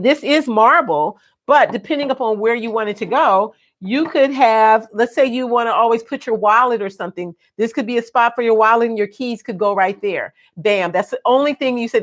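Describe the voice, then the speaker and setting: A woman's voice: on the high side, a little fast, hardly any pauses, fairly bright tone. A woman hosting a home decor video, chatting playfully and expressively as she demonstrates. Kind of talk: casual live demo.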